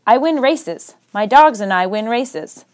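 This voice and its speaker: A woman's voice: fairly high pitch, lively intonation, a little slow. A proud, bossy teenage girl sled-dog racer who speaks curtly and sharply, as a woman reads her lines. Her voice stays close to the reader's own. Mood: defensive.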